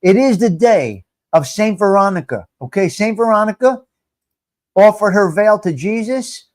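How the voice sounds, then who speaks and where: A middle-aged man hosting a live stream, chatting casually and joking with his viewers as he talks straight to them. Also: high-pitched.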